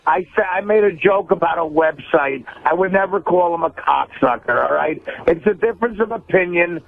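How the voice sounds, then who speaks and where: A brash, foul-mouthed man calls in and argues over a thin, tinny phone line. His voice sits high for a man and he keeps pushing over whoever talks. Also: moderate pace, vocal fry. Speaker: caller to a sports radio show. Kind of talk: heated call-in argument. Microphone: phone call.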